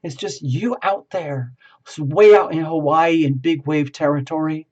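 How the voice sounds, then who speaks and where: A man giving a tarot reading in a rambling, halting, effusive way. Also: a little high, darkish tone, dull audio. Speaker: tarot reader.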